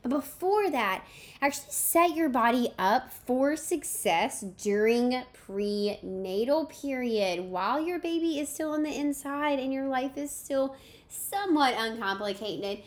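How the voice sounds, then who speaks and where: A woman hosts a birth and postpartum podcast, her voice a touch high. She gushes with enthusiasm and speaks in a warm, effusive conversational way. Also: animated, measured pace. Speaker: podcast host. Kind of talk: podcast interview.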